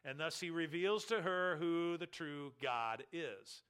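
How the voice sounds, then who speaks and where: A man preaching a sermon as pastor, emphatic, slowing down to stress key phrases. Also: a little high, lively intonation, a bit bright, clean tone.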